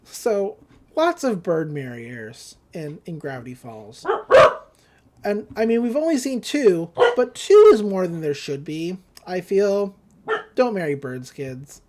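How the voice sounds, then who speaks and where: A woman hosting a podcast, recapping a cartoon episode in casual chat, with frequent laughs and quick quoted asides. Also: fairly low pitch, big pitch swings, mellow, a little hiss or hum. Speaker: podcast host.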